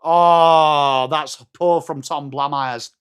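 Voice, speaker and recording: A man with an English accent doing live, excitable football commentary for a watchalong, joking and swearing and shouting at big moments. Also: a little high, drawn-out words, clear, resonant tone.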